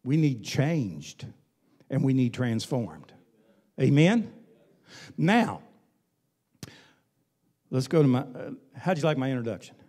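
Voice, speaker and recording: Lively folksy male preacher. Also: mid-range voice, slow pace, long pauses. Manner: folksy, emphatic preaching with colloquial asides. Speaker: pastor. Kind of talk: sermon.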